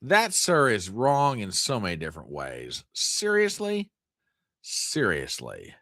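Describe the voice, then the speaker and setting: A man's voice: on the low side, wildly swooping pitch, moderate pace, bright, forceful tone, no room sound. A man hosting a live news stream, joking with his chat in exaggerated mock outrage. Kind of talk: joking livestream commentary.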